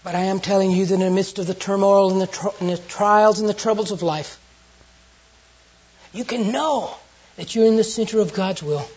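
Husky Southern US preacher. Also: medium pitch, normal speed. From Southern United States. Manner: storytelling and earnest, with sudden hushed and loud turns. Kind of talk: sermon. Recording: dull lo-fi recording.

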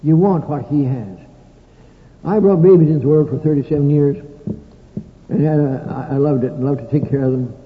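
A man's voice: a little high, fairly quick, long pauses. Older male preacher, tinny old hall recording. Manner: folksy storytelling with dry humorous asides. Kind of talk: sermon.

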